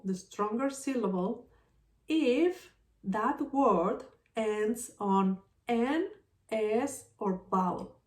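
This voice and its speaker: Slow, patient woman teacher in echoey room. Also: medium pitch, recorded from a distance. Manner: patient, repeats example words slowly. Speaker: Spanish teacher. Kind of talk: slow explanatory lesson.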